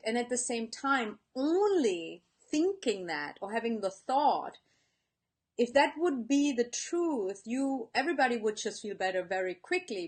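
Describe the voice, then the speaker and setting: A woman in an average pitch, talking earnestly to her viewers as a live-stream coach. She shares her own stories and asks them direct questions. She also reads their comments aloud. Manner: earnest, warm-hearted, speaks to viewers directly. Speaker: life coach. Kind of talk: live-stream motivational talk.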